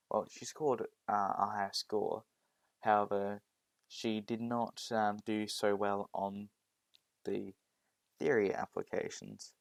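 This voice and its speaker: A man's voice: on the low side, no echo. A man improvising a fan story, hesitating often with restarts and filler sounds. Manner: hesitant, many ums and restarts.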